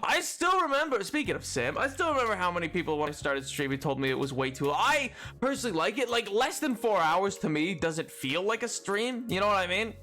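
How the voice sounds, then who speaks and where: A man's voice: high voice, big pitch swings, fairly quick, few pauses, bright, forceful tone. A young man streaming a game, chatting casually and rambling, reading chat aloud with playful indignation.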